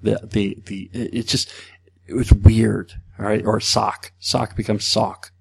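Gravelly chatty man hosting a podcast. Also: lowish voice, level tone, measured pace. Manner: rambling, chatty, with frequent restarts. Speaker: podcast host. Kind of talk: casual solo podcast chat.

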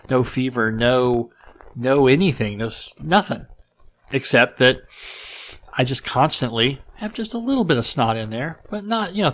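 A man's voice: mid-range voice, fairly bright tone, a little hiss or hum, low-quality recording. A man hosting a casual podcast, talking in a loose, rambling way with plenty of restarts and self-deprecating asides. His nose is stuffed up, giving his ordinary mid-range voice a slightly congested sound. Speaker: podcast host.

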